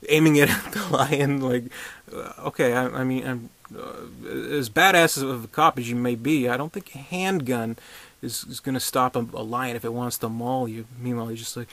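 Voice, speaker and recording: A man's voice: mid-range voice, fairly even intonation, normal speed, a bit bright, no room sound. A man giving a casual, rambling movie review, sarcastic and profane, with many restarts and chuckling asides.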